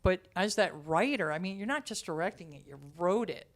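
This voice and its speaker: A woman who writes and directs theatre, telling stories in a casual interview, emotional and expressive, sometimes dropping almost to a whisper. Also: fairly low pitch, a little fast.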